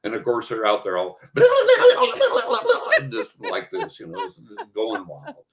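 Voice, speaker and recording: An older man with a fairly low voice rambles through a story. He chuckles as he goes in a casual podcast interview. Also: huge pitch swings, slow, gravelly, over a noisy crowd. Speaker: guest psychic and author.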